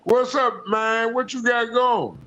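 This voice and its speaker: A man's voice: very high voice, slow, bright, forceful tone. A young man hosting a casual call-in stream, talking in loose, profane, preachy rants. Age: young adult. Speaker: stream host. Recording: echoey, dull lo-fi room sound.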